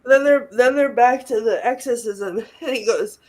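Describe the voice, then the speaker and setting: A woman's voice: fairly high pitch, moderate pace, darkish tone. A young woman co-hosting a podcast, casually recapping a film and often dissolving into giggles. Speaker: podcast co-host. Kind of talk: casual movie-recap chat.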